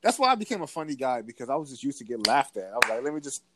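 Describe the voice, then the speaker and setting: A man co-hosting a casual podcast, telling stories in a lively way with frequent restarts. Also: mid-range voice, very fast, noisy background. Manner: animated storytelling with frequent restarts. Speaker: podcast co-host. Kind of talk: casual conversation.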